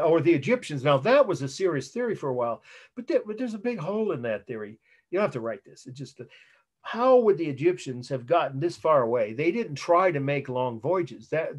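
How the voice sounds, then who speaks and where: A man teaching a college art history class over a video call, talking in a relaxed, halting way with frequent restarts and asides. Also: on the high side. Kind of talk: online lecture. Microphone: computer mic on a video call. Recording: video call audio with dropouts.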